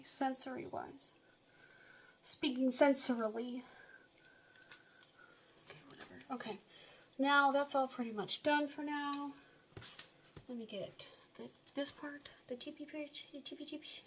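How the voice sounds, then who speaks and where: A woman with a slightly high voice talks her way through a casual home vlog. She rambles and pokes fun at herself, often dropping into half-whispered mutters. Faint room ambience sits under her voice. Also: moderate pace, pauses often, a little hiss or hum. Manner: rambling, self-mocking, muttering asides under her breath. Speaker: vlogger. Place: home, at a table.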